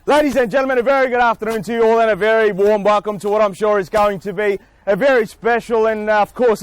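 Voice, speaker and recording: A man, an auctioneer, speaking outdoors in front of a house with booming salesman patter and long theatrical pauses. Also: fairly even intonation, smooth, no echo. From Australia. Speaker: real estate auctioneer.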